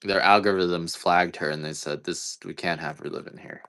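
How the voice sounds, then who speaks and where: A coffee seller with a deep, steady, slightly bright voice and some vocal fry speaks at a moderate pace on his livestream. He keeps the live-selling chat casual, rambling and joking at his own expense.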